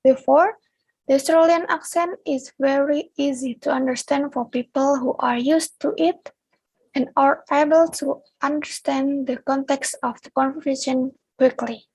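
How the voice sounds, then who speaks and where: A woman's voice: high-pitched, a little mellow, dry recording, rough recording. A young Indonesian woman with an Indonesian accent, reading a prepared class presentation aloud as a student. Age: young adult. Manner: reads a prepared script aloud.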